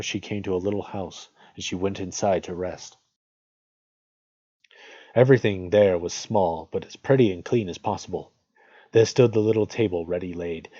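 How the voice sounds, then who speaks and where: A man reads a fairy tale aloud at a measured, unhurried pace. His voice is low, dark and husky. It is heard through a dry, dull, lo-fi recording. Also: no echo. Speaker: host reading aloud. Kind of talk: storybook fairy tale reading.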